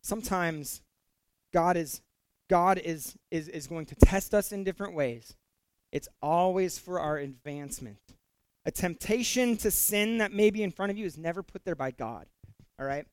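A man's voice: high-pitched, expressive, normal speed, clear, resonant tone, dry recording. A middle-aged male pastor preaching a sermon in a conversational way, with fillers and repeated words, rising to emphatic peaks.

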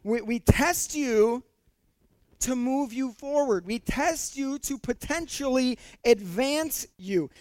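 A man's voice: very high-pitched, takes it slowly, a little mellow, dry recording. A middle-aged male pastor preaching a sermon in a conversational way, with fillers and repeated words, rising to emphatic peaks.

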